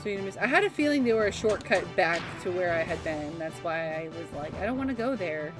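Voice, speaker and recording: A woman's voice: fairly low pitch, a little fast. A woman streaming a video game live, chatting and swearing as she reacts to what she finds. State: yawning, tired. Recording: game music underneath. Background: game music.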